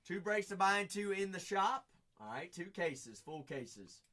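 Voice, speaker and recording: A man's voice: sits high, very animated, a little slow, bright, forceful tone. An American man hosting a live card-break stream, hyping the remaining slots and chatting casually with viewers. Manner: upbeat hype, repeating phrases, chatting with viewers. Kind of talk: live-stream sales patter.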